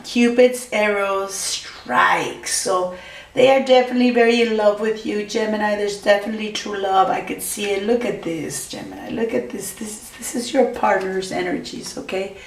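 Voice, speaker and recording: Woman tarot reader for a vlog, gushy and reassuring, mid pitch, echoey room, a little off mic. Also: a little slow, recorded from a distance, a little hiss or hum. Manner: keeps addressing the viewer by star sign, gushing and reassuring. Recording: roomy, voice from off the mic.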